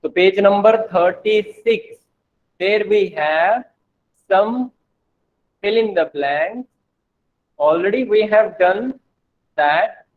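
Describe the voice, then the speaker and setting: A male teacher with an Indian accent giving an online English lesson to children, speaking slowly and repeating words for the class. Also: high-pitched. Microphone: video call. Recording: tinny phone-like online call audio.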